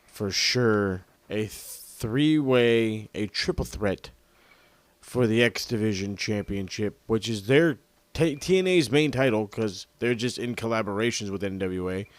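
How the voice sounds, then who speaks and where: A man's voice: lowish voice, measured pace, dry recording. Enthusiastic man in casual podcast chat. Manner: enthusiastic, swearing, restarts. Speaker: podcast co-host. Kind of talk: casual wrestling review chat.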